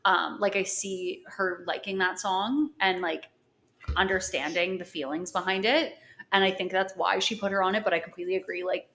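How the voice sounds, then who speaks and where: A woman's voice: on the low side, fairly even intonation, moderate pace, a bit bright, slight background noise. Easygoing young woman, casual chat. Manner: easygoing, heavy use of "like". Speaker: podcast co-host.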